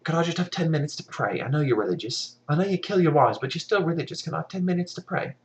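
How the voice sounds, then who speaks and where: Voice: mid-range voice, animated, fast talker, lightly acted. Nervous young wife voiced by a narrator, flustered and bargaining for time in a comic fairy tale. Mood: pleading. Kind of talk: comic storytelling.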